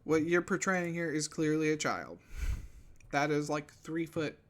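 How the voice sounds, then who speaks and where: A man's voice: a little high, a little slow. A man, out of breath, giving a casual commentary rant from a room at home into a desk microphone, with sarcastic outbursts and offhand swearing. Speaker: VTuber commentator.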